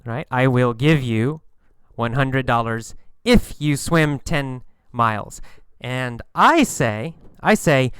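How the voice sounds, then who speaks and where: A man teaching English vocabulary, explaining slang slowly and patiently, repeating words and examples and acting out lines with sudden bursts of energy. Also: mid-range voice, expressive, a bit bright, clear, resonant tone, no room sound. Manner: acts out lines and engine sounds with bursts of volume.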